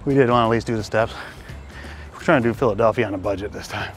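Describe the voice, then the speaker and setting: A man's voice: lowish voice, fast talker, soft background music. A middle-aged man from Detroit, chatting casually as he vlogs outdoors in a city with a handheld camera. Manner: chatty, self-deprecating, often winded. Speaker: vlogger. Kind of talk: casual travel vlog. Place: outdoors in a city, by stone steps. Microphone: handheld compact camera.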